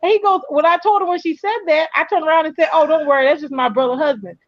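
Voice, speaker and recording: A woman in casual chat, telling an animated story full of quoted dialogue. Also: high voice, fast, dry recording, lo-fi sound. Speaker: co-host.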